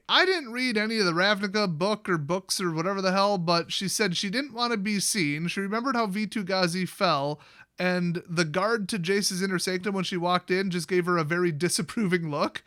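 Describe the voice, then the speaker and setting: A man's voice: high-pitched, fairly bright tone, dry recording, clean studio sound. A young man giving a sarcastic, rambling comedic recap of a fantasy story, swearing casually as he goes. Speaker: YouTube lore host.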